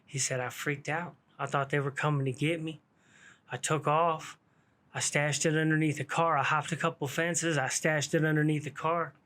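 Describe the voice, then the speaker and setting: A man spins a yarn from his past in a loose, slangy, laid-back way, cursing as he goes. His voice sits a little higher than most men's. He talks like he's kicking it with friends. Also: steady tone, normal speed, a bit bright. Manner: slangy, laid-back street talk with frequent swearing. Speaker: vlogger telling his own story. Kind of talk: casual storytelling to camera.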